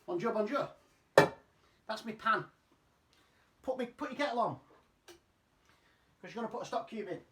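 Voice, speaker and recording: A man's voice: sits high, animated, normal speed, pauses often, sharp tone, slight background noise. Sweary, chatty man cooking. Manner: chatty, sweary and self-mocking. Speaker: home cooking vlogger. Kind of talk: casual cooking demonstration. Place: home kitchen. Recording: roomy, distant kitchen sound.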